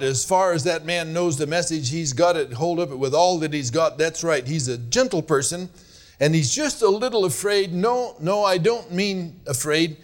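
A man preaching a sermon as pastor, earnest and admonishing, leaning hard on his key words. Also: fairly high pitch. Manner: earnest, admonishing, drawn-out emphasis.

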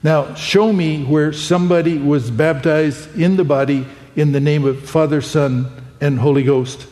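A man preaching in a church hall, reading a printed message aloud and pausing to add his own exclamations. His voice sits a little high but has a warm, mellow tone. A long reverb trails behind his words. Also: fairly even intonation. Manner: reads quoted passages aloud and breaks in with exclamations like "oh my".

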